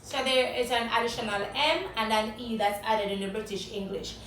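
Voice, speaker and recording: A high-pitched Jamaican woman teaches vocabulary, spelling words out and putting questions to a guest. She sounds a little off the mic in an echoey room, with faint background noise. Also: moderate pace, a bit bright, recorded from a distance. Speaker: English teacher. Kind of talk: vocabulary lesson.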